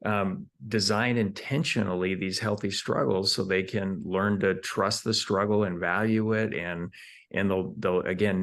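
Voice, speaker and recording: Casting: deep-voiced male entrepreneur guest, methodical, lays things out point by point. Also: fairly bright tone. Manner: explains in numbered steps, repeats words while thinking. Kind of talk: conversational interview.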